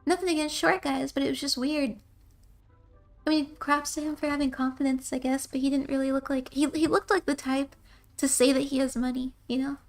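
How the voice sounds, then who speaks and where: A woman's voice: high voice, fairly even intonation, fairly quick, faint music behind. A young woman streamer who reads game text aloud and tells rambling stories between lines, laughing often. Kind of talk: casual game commentary and reading.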